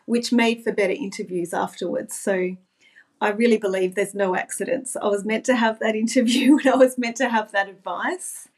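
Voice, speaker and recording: A woman's voice: medium pitch, slightly rough. A middle-aged woman, a former nurse, talking as a podcast guest in an earnest, reflective way. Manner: earnest, reflective, with frequent restarts. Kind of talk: reflective interview talk.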